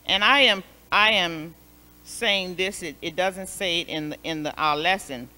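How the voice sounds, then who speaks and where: A woman Sunday school superintendent telling a Bible lesson as a story, expressive and repeating phrases for emphasis, in a church. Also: fairly low pitch, measured pace. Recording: long hall reverb.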